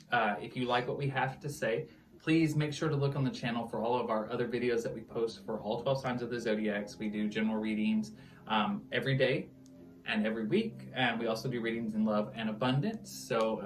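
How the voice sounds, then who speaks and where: Midwestern guy reading tarot cards, jokey, cusses, laughs a lot, kinda distant mic. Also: mid-range voice. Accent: Midwestern American. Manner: laughs often, loose and joking, swears casually. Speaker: tarot reader, co-host. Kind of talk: casual tarot reading chat. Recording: distant mic with music underneath.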